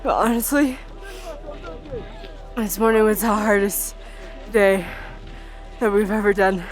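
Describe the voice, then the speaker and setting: A woman talking on camera outdoors high on a mountain, out of breath, tired and candid, laughing often. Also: slow pace. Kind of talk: casual on-camera vlog chat. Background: music.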